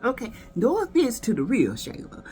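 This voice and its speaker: Woman video reviewer, sassy and gossipy, bouncy high-ish voice over faint music. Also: wildly swooping pitch, moderate pace, mellow. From South Carolina, US. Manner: sassy, gossipy, dramatic asides. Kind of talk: casual commentary.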